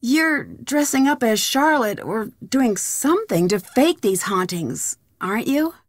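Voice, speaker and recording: A composed, curious young detective in a mystery game, pressing politely with steady questions. Her voice sits fairly high and sounds close and dry. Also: a little slow, no room sound, full character voice. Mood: inquisitive. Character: calm, inquisitive young female detective. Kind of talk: video game voice acting.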